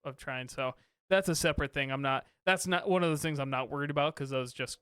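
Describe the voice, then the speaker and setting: Smooth-voiced dad chatting on a podcast. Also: male voice, on the high side, quick pace, a bit bright, dry recording, clean studio sound. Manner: rambling, many fillers and restarts. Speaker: podcast co-host, father. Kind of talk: casual chat.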